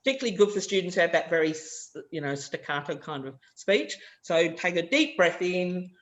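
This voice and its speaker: A woman's voice: on the low side, lively intonation, a little fast. A woman presenting a practical teacher-training workshop. She demonstrates example sentences aloud as she explains.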